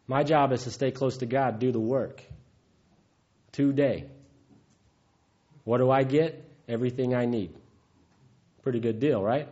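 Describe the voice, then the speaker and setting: A man's voice: medium pitch, steady tone, a little slow, pauses often, darkish tone. A man gives a heartfelt, folksy personal testimony at a recovery meeting, often chuckling. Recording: dull lo-fi recording.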